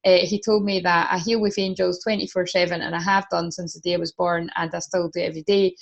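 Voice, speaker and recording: A woman's voice: lowish voice, little pitch movement, quick pace, gravelly, dull audio. A woman giving a casual tarot reading, chatty, swearing freely and laughing often. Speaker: tarot reader.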